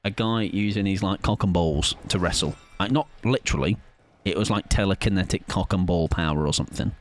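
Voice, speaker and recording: Low-voiced and brisk, a British streamer plays a game live while chatting casually with his audience. He rambles and cracks jokes as he goes.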